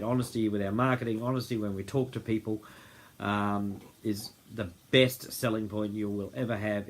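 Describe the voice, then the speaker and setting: Rambling man hosting a livestream. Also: lowish voice. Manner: rambling, loses his train of thought, many ums. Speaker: host of a group livestream. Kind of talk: unscripted casual livestream talk.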